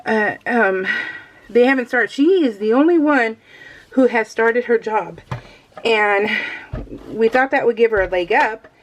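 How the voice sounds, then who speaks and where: A woman's voice: fairly high pitch, measured pace, pauses often. Chatty middle-aged woman rambling to viewers. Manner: rambling, chatty, laughs often, talks to viewers. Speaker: crafting vlogger. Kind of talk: casual chat while crafting.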